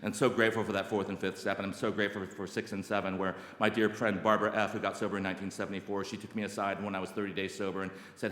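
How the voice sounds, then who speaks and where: A man's voice: on the low side, rapid-fire, few pauses. Older guy in his 60s telling his recovery story, self-mocking, lots of restarts, big echoey hall. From Alabama, United States. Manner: animated, self-mocking, many restarts and acted-out quotes. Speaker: speaker at a recovery meeting. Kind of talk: personal testimony talk. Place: large meeting hall.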